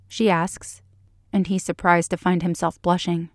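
A woman narrating fan fiction aloud in a measured, even storytelling manner. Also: lowish voice, no echo, studio quality.

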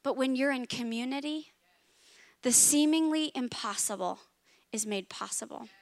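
A woman's voice: high voice, moderate pace, no room sound. A woman in her thirties preaching a sermon, telling a personal story that builds to impassioned emphasis. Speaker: pastor.

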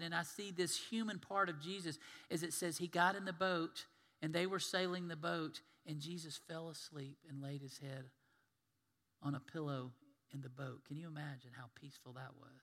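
A male pastor preaching a sermon, telling stories and swinging from loud emphasis to hushed tones. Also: a little high, fairly even intonation, moderate pace, in a large hall.

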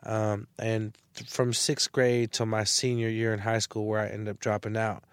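Low-voiced man telling life stories. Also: normal speed, smooth, dry recording, studio quality. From San Francisco Bay Area. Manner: relaxed, rambling, with fillers. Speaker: guest rapper and entrepreneur. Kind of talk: casual interview storytelling.

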